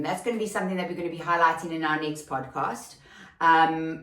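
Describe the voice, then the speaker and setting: A woman's voice: fairly low pitch, distant mic. Woman, casual solo podcast host, chatty, lots of fillers, no studio mic, roomy echo. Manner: chatty, rambling, with many fillers and restarts; grows emotional and excitable near the end. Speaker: podcast host and recruitment company founder. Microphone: no proper podcast mic, recorded without studio gear.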